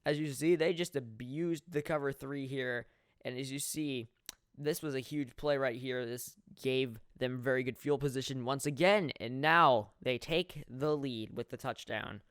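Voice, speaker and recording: A young man commentating his own football video game in a mock sports play-by-play style, jokey and laughing at his plays, swelling with excitement on big moments. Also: mid-range voice, unhurried, clear, resonant tone, no echo, clean studio sound. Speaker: gameplay commentator.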